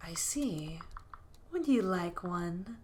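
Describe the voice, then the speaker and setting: A woman voicing a lonely, motherly forest witch in a game, speaking softly and gently. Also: lowish voice, expressive, very slow. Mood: doting. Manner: soft, gentle and doting. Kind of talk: reading a game character aloud.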